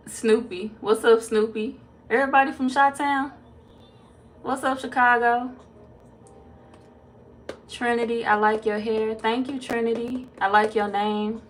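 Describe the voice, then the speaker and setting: A woman's voice: fairly high pitch, fairly even intonation, slow pace, long pauses, a little hiss or hum. Chatty woman tarot reader on a live stream. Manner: chatty, swears freely, greets viewers by name. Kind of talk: casual live-stream chat.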